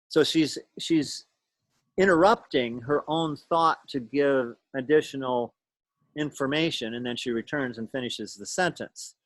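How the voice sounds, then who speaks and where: A male teacher explains a point step by step to his class. He sounds patient and thinks aloud as he goes, at an ordinary middle pitch. He comes through a video call with a dry, close sound and no room echo. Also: measured pace. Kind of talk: lecture to a class.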